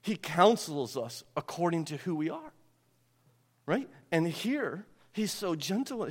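A man preaching a sermon who asks his congregation rhetorical questions, swinging between loud emphasis and hushed, quiet passages. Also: a little high, very animated, slow pace, husky. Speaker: pastor. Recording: long hall reverb.

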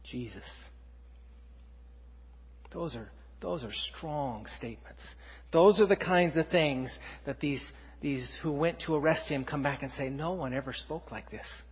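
Husky-voiced preacher in an echoing hall. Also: male voice, fairly high pitch, takes it slowly. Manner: reads scripture aloud with rising force, drops to quiet emphasis. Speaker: pastor. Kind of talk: sermon. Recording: dull, muffled sound in a long-reverb hall.

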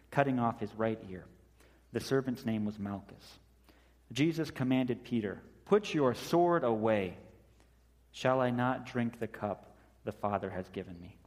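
A man's voice: fairly low pitch, darkish tone, in a large hall. A man preaching as pastor, reading scripture and then retelling a story vividly, acting out the quotes.

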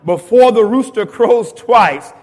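A man's voice: extremely high pitch, animated, slow, a little mellow, big-room sound. A man preaching as pastor, reading scripture aloud and retelling it in casual slang with chuckles. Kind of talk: dialogue sermon.

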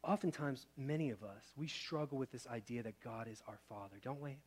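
A man in his thirties, a pastor preaching a sermon in a conversational way, asking the room questions and shifting between loud and soft. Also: mid-range voice, fairly quick, slightly rough.

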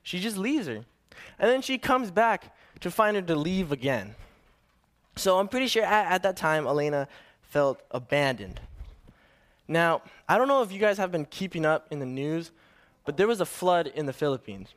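A young man with a fairly high voice preaching his first sermon. He tells a family story casually and a bit nervously, restarting his sentences. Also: big pitch swings, normal speed, a bit bright.

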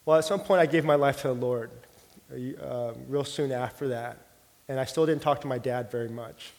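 A middle-aged man preaching a sermon, telling a personal story in an earnest, heartfelt way and sometimes dropping his voice soft. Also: medium pitch, normal speed. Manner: earnest storytelling, drops soft for quoted prayer. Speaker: pastor. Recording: long hall reverb.

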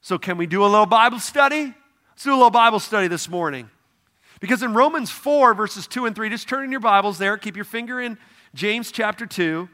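This pastor's voice sits high and sounds bright and forceful, expressive and a little fast. He preaches conversationally but with emphasis, questioning his congregation and insisting "no, no, no."

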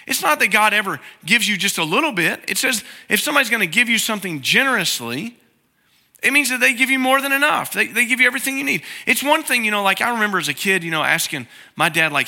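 Middle-aged male pastor, conversational sermon, bright voice that sits high for a man. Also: very animated, fast talker. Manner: conversational preaching, acts out quoted prayers in a soft low voice.

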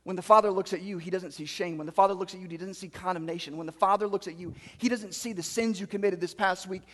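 High-voiced man preaching in a hall. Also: steady tone, fast talker, a bit bright. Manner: reads scripture then preaches with rising emphatic repetition. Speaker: pastor. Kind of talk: sermon. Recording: long hall reverb.

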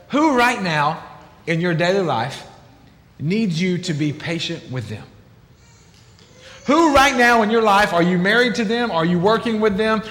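A man preaching a sermon as pastor, animated and acting out quoted speech in different voices. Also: high-pitched. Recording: echoey hall, long reverb.

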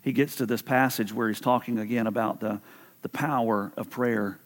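A pastor preaching a sermon in an earnest, conversational way, often stumbling and repeating words. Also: male voice, medium pitch, steady tone, normal speed. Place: church.

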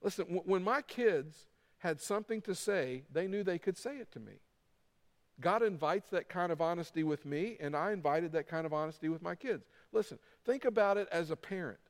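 A man's voice: sits high, animated, normal speed. A middle-aged man preaching a sermon as pastor, with emphatic repetition and acted-out quotes. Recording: long reverb of a large hall.

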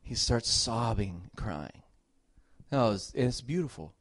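A middle-aged man preaches as a pastor, his voice sitting at an ordinary pitch for a man. He is earnest and emphatic, repeating phrases as he presses a point, then drops to soft, tender talk. The sound is dry and close, with no room echo. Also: animated, slow. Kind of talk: sermon.

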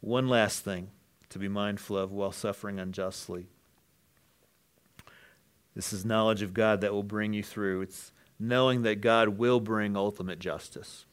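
A man preaching an earnest sermon, dropping to hushed lines and then rising to loud, emphatic ones. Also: lowish voice, steady tone, measured pace, clear, resonant tone. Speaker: pastor.

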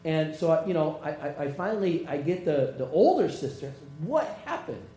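A male pastor preaching a sermon through personal stories, halting and repeating words as he retells conversations. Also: on the high side, warm tone. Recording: echoey room with mains hum.

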